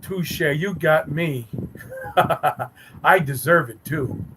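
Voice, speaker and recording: A man's voice: fairly high pitch, extremely slow, fairly bright tone, a little hiss or hum, poor audio. A man hosting a casual live stream, teasing and bantering sarcastically with his chat viewers.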